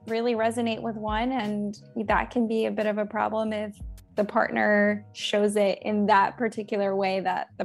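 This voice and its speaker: A woman's voice: mid-range voice, gravelly. A woman co-hosting a relationship talk show, chatting casually and explaining ideas with acted-out everyday examples. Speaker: guest co-host. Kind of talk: casual chat.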